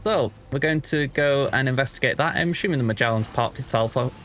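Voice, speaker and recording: A man's voice: mid-range voice, quick pace, fairly bright tone, slight background noise. A man hosting a let's play, giving chatty, upbeat gameplay commentary.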